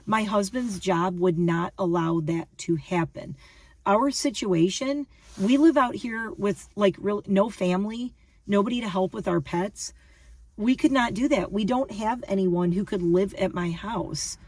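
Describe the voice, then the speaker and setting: In her fifties, this lifestyle vlogger rambles casually to camera for her viewers, speaking emphatically, repeating herself and often restarting sentences. Her voice is medium-pitched, unhurried and a bit mellow, picked up dry with no echo but from a distance.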